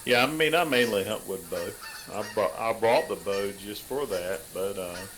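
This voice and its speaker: A man's voice: fairly low pitch, lively intonation, moderate pace, fairly bright tone, slight background noise, low-quality recording. A man hosting a hunting game stream, chatting casually and teasing his guest. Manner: joking, teasing, laid-back. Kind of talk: casual gameplay chat.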